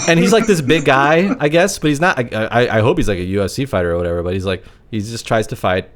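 Man, podcast co-host, casual chat, rambling, filler-heavy, mid-pitched voice. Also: animated, a little fast. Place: his apartment.

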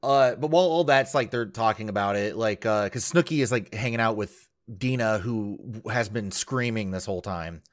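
Guy with a lowish voice recapping a reality show, lots of "like" and "uh", laid back chat. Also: moderate pace, hardly any pauses. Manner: rambling, many fillers, laughs often. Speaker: podcast co-host.

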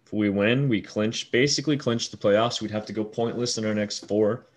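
A man's voice: on the low side, moderate pace. A man co-hosting a casual hockey podcast, laying out standings and points steadily. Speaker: podcast co-host.

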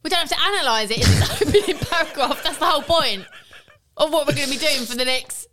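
A woman's voice: high voice, animated, quick pace, crowd noise. A woman co-hosting a podcast with her husband, teasing him and laughing often. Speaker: podcast co-host. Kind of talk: casual chat, teasing banter.

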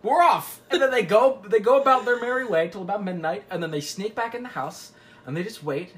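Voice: medium pitch, fast. A podcast host recapping a story in casual chat, rambling and giggling, full of filler words.

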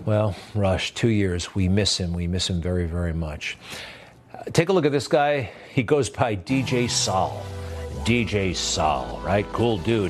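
A man hosting a commentary show, delivering a sarcastic, rambling opinion monologue between clips. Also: sits low.

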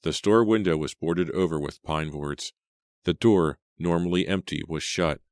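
A man reading an audiobook aloud, with measured, dramatic narration. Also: low-pitched, darkish tone, no echo, studio quality.

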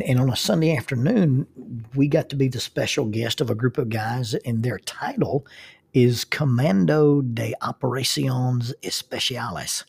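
A man's voice: mid-range voice, creaky, breathy edge, no room sound. A middle-aged man with a Southern accent, telling folksy, self-deprecating travel stories with laughter. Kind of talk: casual storytelling.

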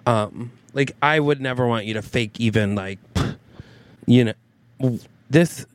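A man co-hosting a comedy podcast, improvising a romance plot and quickly slipping into quoted lines. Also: medium pitch, smooth, dry recording. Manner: narrates a scene and quickly switches into quoted voices. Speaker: podcast co-host.

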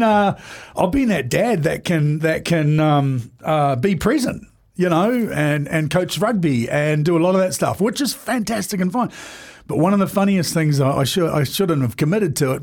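Brief: man, 40s, podcast guest, earnest and halting, slightly high pitch. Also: lively intonation, darkish tone. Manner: earnest, halting, many fillers and restarts. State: emotional at times. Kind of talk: candid conversation.

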